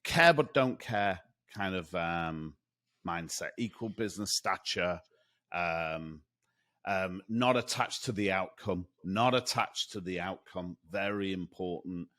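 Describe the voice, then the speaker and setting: A man co-hosting a sales podcast in casual chat, rambling and animated, with many restarts. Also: sits low, slow. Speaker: podcast co-host.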